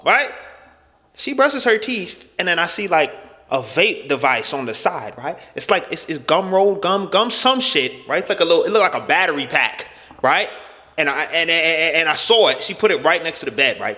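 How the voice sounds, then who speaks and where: High-voiced animated man telling a story. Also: a little fast. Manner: animated, profane, repeats "right?" and "boom". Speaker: storyteller vlogger. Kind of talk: casual storytime monologue. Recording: echoey room with long reverb.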